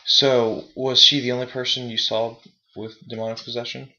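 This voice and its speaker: A man hosts an interview, keeping his questions short and his asides dry. His voice sounds bright and sharp. The recording is dull, with a faint hiss underneath. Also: mid-range voice, level tone, moderate pace. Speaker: interviewer, host. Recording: muffled recording with faint noise.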